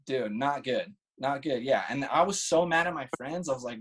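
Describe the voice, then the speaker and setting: A man's voice: medium pitch, fairly quick, breathy edge, low-quality recording. A man in his thirties telling a story as a guest, casual and full of slang and swearing. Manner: laid-back, swears, lots of "like" and "dude".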